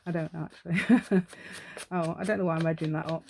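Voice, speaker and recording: A woman's voice: low-pitched, steady tone, measured pace, gravelly, husky. A woman hosting a crafting tutorial, chatting as she works, rambling and laughing often. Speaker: craft channel host.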